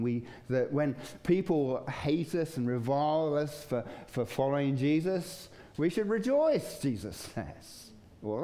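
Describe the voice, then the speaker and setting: Male pastor, warm low-key sermon delivery, relaxed and chatty. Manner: conversational, chuckling, acts out voices in stories. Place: church.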